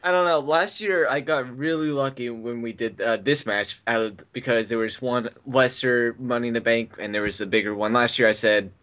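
A man's voice: mid-range voice, fairly even intonation, normal speed, hardly any pauses, a bit bright. A man co-hosting a casual wrestling podcast, rambling through his predictions with restarts and easy laughs. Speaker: podcast co-host. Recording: dull lo-fi call audio.

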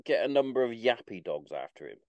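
A man's voice: medium pitch, very animated, brisk, no room sound, dull audio. A man co-hosting a casual pub-style podcast, laid-back and sweary, with short bits of banter. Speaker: podcast co-host.

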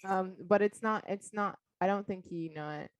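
A young woman in a loose, casual chat with a friend. She teases in a playful way, and her speech drifts with ums and likes. Her pitch sits in the middle. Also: moderate pace, a little hiss or hum.

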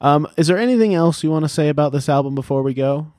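Dude hosting a podcast, jokey and sweary, voice bounces around a lot, dry sound. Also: male voice, a little high, fast talker, no echo. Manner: animated, joking, swears a lot. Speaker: podcast host. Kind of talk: casual podcast chat. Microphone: podcast microphone.

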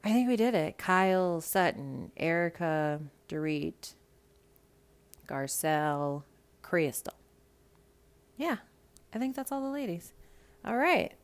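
A young woman hosting a casual reality TV recap, blunt, profane and animated. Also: fairly low pitch, slow pace, pauses often. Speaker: podcast host.

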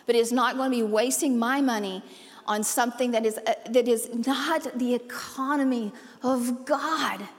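A woman pastor giving a sermon, animated, playful and emphatic, with sudden jumps in pitch and loudness. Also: moderate pace, big-room sound. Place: church auditorium.

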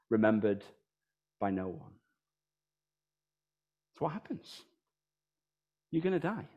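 A man in his thirties with a British accent preaching a sermon in a church, firing off rhetorical questions. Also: medium pitch. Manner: animated, rhetorical questions, sings snatches of songs.

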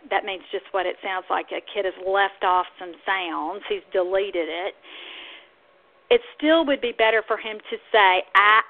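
A woman speech-language pathologist hosting an instructional podcast, explaining patiently and acting out toddler sounds now and then. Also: mid-range voice. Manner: warm, explanatory, models toddler sounds in a sing-song way. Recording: phone-like narrow audio.

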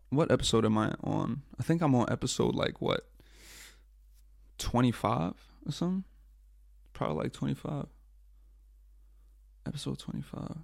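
A man's voice: medium pitch, vocal fry, dry recording, clean studio sound. A young man hosting his own podcast over a livestream, talking casually, swearing and mocking himself. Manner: frustrated, profane, self-mocking. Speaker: podcast host.

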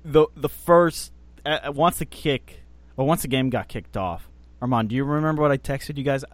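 A man's voice: mid-range voice, moderate pace, no echo. A man hosting a casual soccer podcast, playful and teasing with his co-hosts. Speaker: podcast host. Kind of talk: casual chat.

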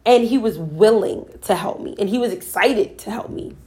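A woman's voice: mid-range voice, normal speed, darkish tone. Woman talking spirit and manifesting, earnest and emphatic, repeats herself, casual storytelling. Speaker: spiritual speaker. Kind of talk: personal storytelling about manifesting.

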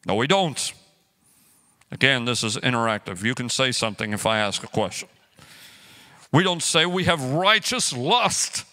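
A man's voice: medium pitch, moderate pace, long pauses. A man preaching a sermon as pastor, joking and acting out everyday quarrels as he teaches. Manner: animated, joking storyteller who acts out quotes.

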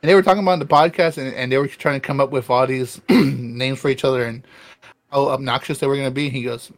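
Guy cohosting a wrestling podcast, rambly and excitable, swears a lot, keeps clearing his throat, mid-pitched voice. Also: quick pace. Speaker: podcast co-host. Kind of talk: casual wrestling review chat.

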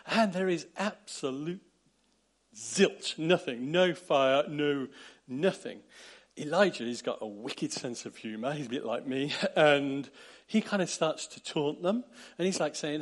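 A man delivers a sermon with a slightly higher-than-average voice. He tells the story in a lively, animated way and acts out the characters' lines with sudden loud bursts. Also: measured pace. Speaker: preacher.

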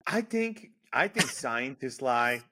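A man's voice: mid-range voice, takes it slowly. A man co-hosting a sports podcast, ranting goofily and swearing casually. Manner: animated, swears, goofy rants. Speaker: podcast co-host.

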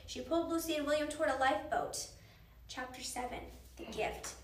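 A woman reading a children's book aloud in an expressive, animated way. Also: high-pitched, brisk. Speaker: storyteller. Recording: roomy, distant mic, faint noise.

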